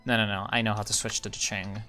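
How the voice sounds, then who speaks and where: A man's voice: fairly low pitch, flat delivery, quick pace, sharp tone, faint music behind. A man rambling casually through a game commentary as a channel host, muttering to himself and swearing when things go wrong.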